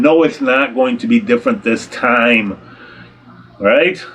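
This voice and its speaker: A man's voice: mid-range voice, animated, a little slow, a bit bright. A man, a photographer, talking straight to his audience and giving blunt, exasperated advice full of rhetorical questions and repeated "okay?". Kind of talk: direct-to-camera advice talk.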